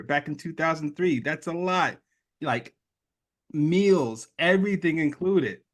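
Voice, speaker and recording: A man in his late thirties, appearing as an interview guest, tells a personal story in a lively way. His voice is a little high and his pace measured, and as an animated storyteller he acts out the voices of the people he quotes.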